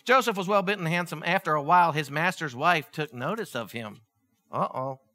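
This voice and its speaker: A man preaching a sermon, retelling a story with lively asides and acted-out voices. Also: on the high side, brisk. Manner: animated storytelling, acting out voices, chuckling asides.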